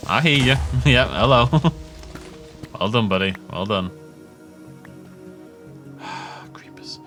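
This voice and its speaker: A man chatting through his gameplay in a loose, wandering way, with a voice that climbs and dips all over the place. He laughs at his own half-finished jokes. Soft game music plays quietly in the background. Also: mid-range voice, expressive, measured pace. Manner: rambling and jokey, laughs at his own tangents. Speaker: gaming YouTuber. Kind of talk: casual let's-play commentary.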